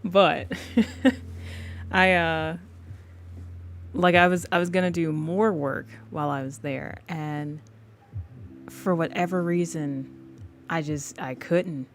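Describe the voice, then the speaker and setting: A laid-back woman with a low voice chats unhurriedly with viewers during a live drawing stream. She greets people and laughs often. Quiet music plays faintly in the background. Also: steady tone, takes it slowly, pauses often. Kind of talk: casual chat with live viewers.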